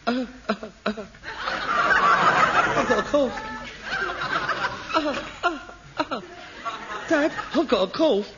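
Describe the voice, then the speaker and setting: An actor playing a self-pitying, melodramatic grown son in an old radio sitcom. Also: male voice, very high voice, lively intonation, moderate pace, hardly any pauses, over a noisy crowd. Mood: panicked. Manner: melodramatic, whining, theatrical. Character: hypochondriac adult son, dramatic and self-pitying. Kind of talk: 1960s radio sitcom acting. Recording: dull old broadcast recording with loud hiss.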